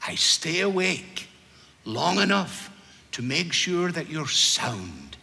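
A man voicing a frail old Irishman with a soft, lilting Irish accent and dry humor, in a gentle, unhurried way. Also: fairly high pitch, sing-song, vocal fry, long reverb tail, full character voice. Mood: wry.

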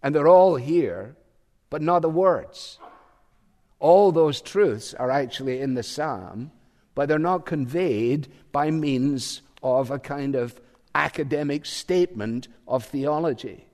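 A man preaching a sermon, measured and reflective, pausing often with small fillers. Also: a little high, darkish tone. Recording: long hall reverb.

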